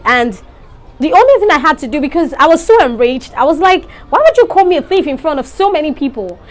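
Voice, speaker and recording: A young Nigerian woman with a Nigerian accent, telling an indignant storytime tale in a vlog, sprinkling in local slang. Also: high-pitched. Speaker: vlogger.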